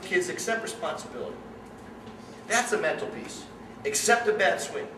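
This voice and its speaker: A middle-aged man coaching, giving an animated story-driven talk to parents and questioning his audience. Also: high-pitched, moderate pace. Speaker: youth sports coach. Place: room with an audience. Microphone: distant room mic. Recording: echoey room, distant mic, background noise.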